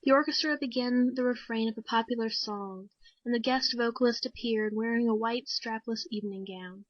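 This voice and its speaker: A woman reads a short story aloud in a measured, steady storytelling voice, pitched somewhat high. The recording is dry and close, with a slightly dull, lo-fi sound. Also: no room sound. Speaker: story reader. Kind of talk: scripted narration.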